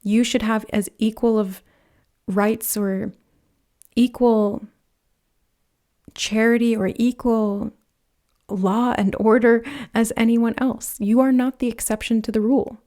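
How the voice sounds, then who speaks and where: A woman giving a pick-a-card tarot reading, speaking in a gentle, earnest way that rambles a little, with soft laughs. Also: a little high, fairly even intonation, takes it slowly, pauses often. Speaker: tarot reader.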